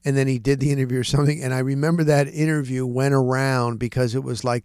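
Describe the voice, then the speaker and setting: A man hosting a podcast, telling sports-reporting stories in a casual, animated way and acting out the dialogue. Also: mid-range voice, quick pace, hardly any pauses, smooth, no echo, studio quality. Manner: animated, acts out quoted dialogue. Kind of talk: casual storytelling.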